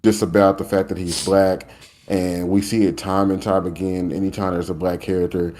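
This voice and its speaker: A man's voice: sits low, flat delivery, normal speed, darkish tone, slight background noise. A man co-hosting a gaming podcast, talking loosely and casually about his views in slang. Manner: loose, slangy opinion talk. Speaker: podcast co-host.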